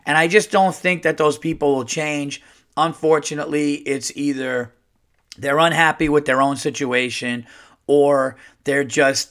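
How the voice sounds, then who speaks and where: A man's voice: on the high side, fairly bright tone. A man hosting a comedy podcast, talking casually and crudely, often laughing and mimicking people. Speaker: podcast host.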